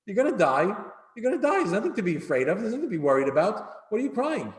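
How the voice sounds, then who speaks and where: A man voicing an incredulous rabbi who scolds a dying teacher in a high, loud, exasperated tone. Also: big pitch swings, racing. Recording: echoey hall.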